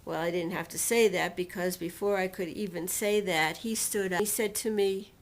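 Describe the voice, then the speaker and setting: A woman's voice: fairly low pitch, steady tone, moderate pace, hardly any pauses. Woman telling a personal story. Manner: emotional retelling, quotes others and herself dramatically. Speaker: personal testimonial speaker.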